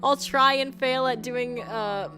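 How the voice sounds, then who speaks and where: A young woman streaming a game and chatting casually, excitable and swearing freely. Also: on the high side, slow.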